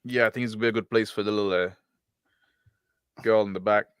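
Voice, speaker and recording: A man's voice: on the low side, fairly even intonation, brisk, clean tone, dry recording, studio quality. A man playing a tabletop role-playing game, describing his pilot's moves in casual talk with fillers. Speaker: player.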